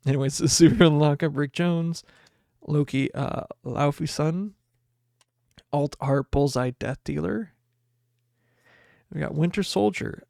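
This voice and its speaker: A young man hosting a podcast, chatting casually and excitedly as he opens card packs and reads the cards aloud. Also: a little high, creaky, dry recording, clean studio sound. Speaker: podcast host. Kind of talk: casual card pack opening chat.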